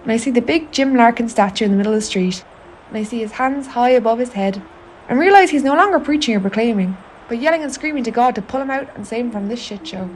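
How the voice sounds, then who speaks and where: A woman's voice: fairly high pitch, lively intonation, fast, slight background noise. Wry, sweary Irish woman confiding. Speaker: narrator of an autofictional audio artwork. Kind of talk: confiding spoken-word monologue.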